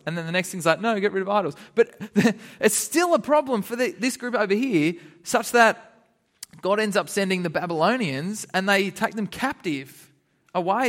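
A man giving a lively Bible lesson to children, laughing often and acting out the characters. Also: sits high. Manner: animated, laughing, acts out characters. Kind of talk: lively kids' sermon.

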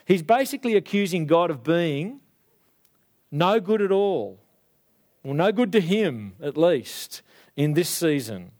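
A young adult man preaching a sermon, animated and acting out the voices of biblical figures. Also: on the high side, unhurried.

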